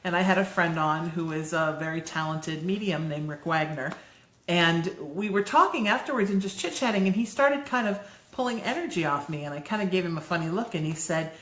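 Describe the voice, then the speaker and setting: Brief: woman co-host, lowish voice, animated storyteller, roomy echo. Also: a little fast. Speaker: radio host, co-host. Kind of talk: casual chat on a livestream. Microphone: phone livestream.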